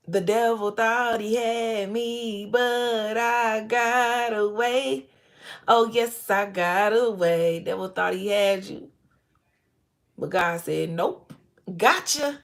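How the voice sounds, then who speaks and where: A woman reading tarot cards for her viewers, emotional and effusive, now and then breaking into gospel song. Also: medium pitch. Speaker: tarot reader.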